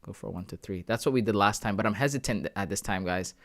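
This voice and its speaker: Young guy on a trading livestream, chill, thinking out loud, keeps saying bro to chat. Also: fairly low pitch, fast talker. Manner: thinking aloud, talks to chat with "guys" and "bro". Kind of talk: casual live commentary.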